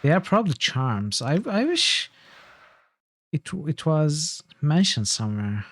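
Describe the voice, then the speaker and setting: A man's voice: a little high, very animated, unhurried, no room sound. A man streaming a role-playing game, thinking aloud and repeating himself as he checks items and maps. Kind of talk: casual gameplay commentary.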